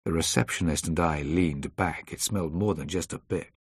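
A man reading a first-person thriller aloud in a measured, dry storytelling manner. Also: extremely low pitch, slightly rough, no room sound. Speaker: audiobook narrator.

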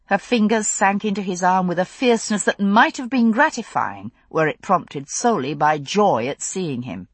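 Woman narrator for a novel: expressive storytelling, husky tone, dry studio sound. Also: medium pitch, moderate pace, hardly any pauses, no room sound. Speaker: audiobook narrator.

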